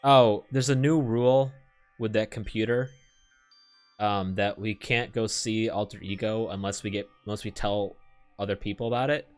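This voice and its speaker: A man's voice: lowish voice, fairly even intonation, normal speed, soft background music. A man streaming, reading a visual novel aloud with sarcastic, swearing asides.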